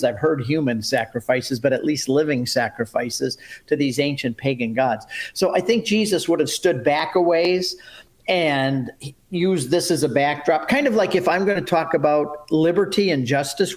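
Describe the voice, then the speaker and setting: A middle-aged man gives a lively Bible lesson, his voice a touch higher than most men's. He tells it like a story, slipping into the quoted lines and making quick asides to the people listening. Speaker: Bible teacher and pilgrimage guide. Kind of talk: lively Bible teaching talk.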